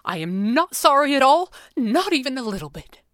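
A woman's voice: a little high, big pitch swings, unhurried, no echo, studio quality, voice pushed up. A woman voicing an upset mother who quavers as she tries to hold back tears. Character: tearful mother defending her choice.

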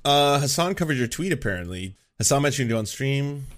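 Canadian male streamer, casual and animated commentary, middle pitch. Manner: animated, swearing, quick asides with laughs. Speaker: streamer host.

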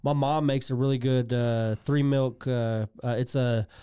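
A man on a casual podcast, rambling through stories with lots of fillers. His voice is mellow and smooth. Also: mid-range voice, fairly even intonation, unhurried. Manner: rambling, filler-heavy storytelling. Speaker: podcast co-host. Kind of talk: casual episode recap chat.

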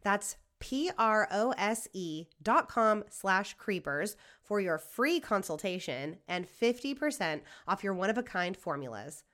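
A woman's voice: mid-range voice, very animated, unhurried, hardly any pauses, a bit bright. A woman reading a sponsor ad on a podcast in an upbeat, personal way. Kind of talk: read sponsor ad.

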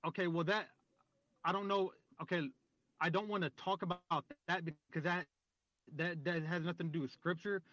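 A man with a notably high voice argues theology with a combative, sarcastic edge. The audio is dull and lo-fi, close and dry, as if through a modest mic. He keeps pushing his questions again and again. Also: steady tone, moderate pace, fairly bright tone, no room sound. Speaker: debater. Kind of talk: heated theological debate.

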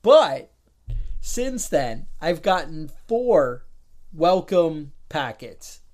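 Animated, higher-voiced male podcast storyteller. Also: drawn-out words. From New York. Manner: animated storyteller, acts out phone calls, gets exasperated. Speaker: podcast co-host. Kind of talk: casual chat.

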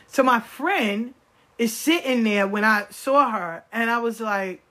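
A woman's voice: a little high, sing-song, takes it slowly, pushed and bright. Emphatic woman talking casually to camera. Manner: emphatic, repeats phrases, quotes people in conversation. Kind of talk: casual monologue.

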